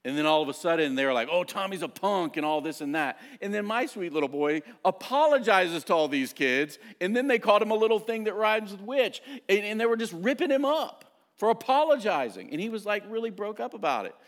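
A middle-aged man preaching a sermon as pastor, telling family stories in an animated, self-mocking way. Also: high voice, brisk, few pauses.

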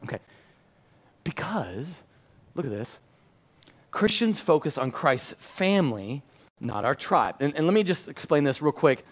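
A middle-aged man whose voice sits a little high for a man, preaching to a congregation. His delivery is animated and conversational, rising to loud bursts and falling to hushed, earnest stretches. He talks to the room informally rather than reading a script. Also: a little slow, pauses often. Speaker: pastor. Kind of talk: sermon.

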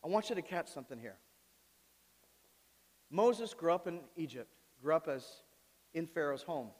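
Male pastor with a fairly high voice, dramatic sermon delivery, large echoing sanctuary. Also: animated, normal speed. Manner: dramatic, swings from soft asides to loud pleading. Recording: long reverb of a large hall.

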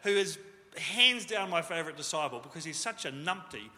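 A man's voice: fairly high pitch, expressive, brisk, sharp tone. A man preaching a sermon as pastor, jokey and conversational, in a church hall with a long reverb. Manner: jokey, self-deprecating, conversational.

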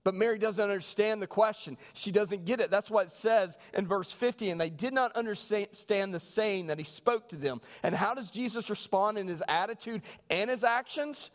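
A man, a pastor, preaching a sermon with animated storytelling. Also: high-pitched, moderate pace, few pauses. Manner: animated storytelling, voices quoted people. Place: church sanctuary. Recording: long reverb of a church hall.

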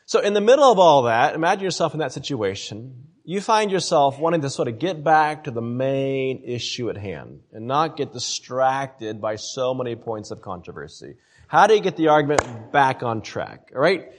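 A man teaches a Bible study in a casual, conversational lecture. His pitch swings widely and expressively as he makes each point. He keeps turning to his listeners with "right?" and repeats points to drive them home. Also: very animated, moderate pace.

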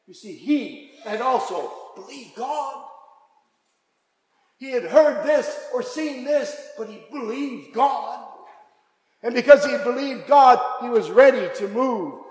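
A man preaching a sermon, impassioned, dropping to a hush and then rising again. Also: very high-pitched, expressive, measured pace. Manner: impassioned, swings from hushed to raised. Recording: echoey hall.

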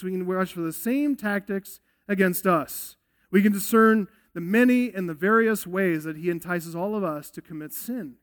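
High-voiced man preaching an emphatic sermon. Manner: earnest, emphatic preaching with rhetorical questions. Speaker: pastor. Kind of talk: expository sermon.

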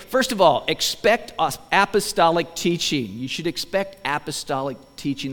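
Pastor guy giving a sermon, kinda high voice, jokes around with the crowd, long church echo. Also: fairly bright tone. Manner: conversational, joking asides to the congregation. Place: church sanctuary. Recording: long reverb of a church hall.

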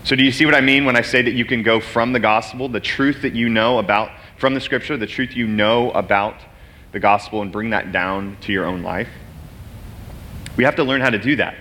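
A man's voice: medium pitch, fairly quick, pushed and bright. A man giving a sermon as a guest preacher, earnest and personal, speaking openly about his own struggles. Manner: earnest, personal, emotional at times.

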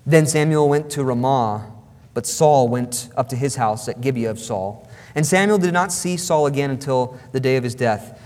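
A man's voice: mid-range voice, normal speed, a little mellow. A man preaching a sermon as pastor, emphatic and repeating phrases for stress. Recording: long hall reverb.

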